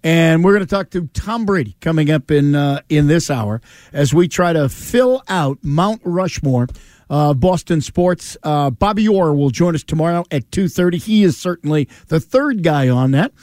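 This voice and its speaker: A man's voice: a little high, animated, normal speed, a little mellow, no room sound. A man co-hosting a sports radio show, upbeat and ribbing, running through promos and auction items.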